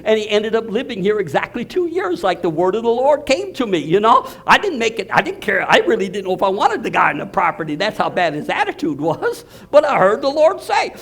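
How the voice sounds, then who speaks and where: Older preacher guy, high voice, gets loud then goes quiet, storytelling sermon. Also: fairly quick, hardly any pauses. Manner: animated storyteller, swings from low murmurs to loud exclaims. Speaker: pastor.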